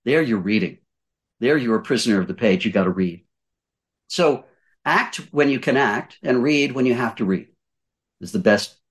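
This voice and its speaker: A man's voice: medium pitch, animated, normal speed, long pauses. An older man giving voice-over advice in a podcast conversation, emphatic, repeating his points and asking rhetorical questions. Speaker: guest voice-over coach.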